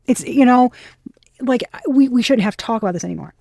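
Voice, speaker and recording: A woman's voice: fairly high pitch, animated, brisk, vocal fry, warm tone, dry recording, clean studio sound. Blunt, swearing woman reading tarot. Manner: blunt, swears freely, scornful asides. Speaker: tarot reader. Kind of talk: casual tarot reading to camera.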